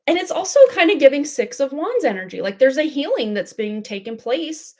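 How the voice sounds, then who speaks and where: A woman's voice: sits high, sing-song, fairly quick. A woman giving live tarot readings on a livestream, chatty and gushing, full of fillers and little laughs. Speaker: tarot reader. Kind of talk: casual livestream chat.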